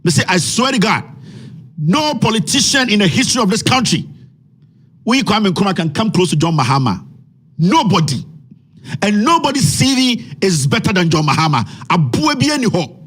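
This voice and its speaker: A man's voice: high-pitched, big pitch swings, normal speed, fairly bright tone, husky. A Ghanaian man hosting a commentary segment, ranting angrily in rhetorical questions. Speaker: commentary host. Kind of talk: impassioned social media commentary.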